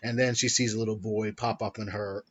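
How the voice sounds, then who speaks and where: A man's voice: on the low side, steady tone, fairly quick, husky. Man hosting a casual chat, slightly lo-fi. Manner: playful, laughs often, slips into silly voices. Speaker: podcast host.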